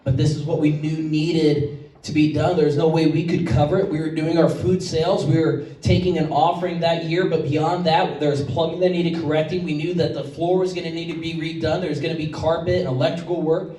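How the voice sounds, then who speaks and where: Preaching in a church sanctuary, a man whose voice is on the high side, level, and mellow tells his sermon as fairly quick conversational storytelling, sometimes getting choked up. The recording is distant, with the echo of the church hall.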